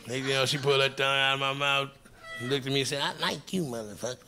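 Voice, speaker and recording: A man performing crude, animated stand-up comedy on stage, shouting punchlines before a live audience. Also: medium pitch, rapid-fire. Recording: live stand-up with crowd laughter.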